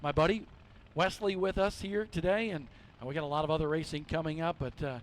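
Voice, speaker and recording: A man's voice: on the high side, fairly even intonation, a little fast, a little hiss or hum. A man from the North Carolina mountains, chatty and folksy as he announces a stock car race. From western North Carolina. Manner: chatty, folksy, joking with his co-host. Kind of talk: live racing commentary.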